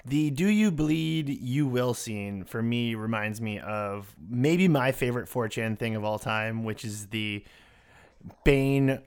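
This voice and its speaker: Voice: medium pitch, slow pace, smooth. A podcast host chatting casually, amused and skeptical as he questions his guest. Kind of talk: casual chat.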